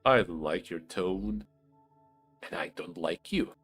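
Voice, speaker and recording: A man doing a gruff, stern bugbear woman. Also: deep voice, lively intonation, moderate pace, faint music behind, pitched below the performer's own voice, exaggerated voice. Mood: curt hostile. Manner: curt and hostile.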